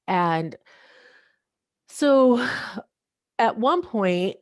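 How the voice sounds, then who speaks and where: A woman's voice: fairly low pitch, normal speed, dry recording, studio quality. A woman, a podcast guest, telling a personal story, often quoting others and laughing now and then. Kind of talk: personal testimony.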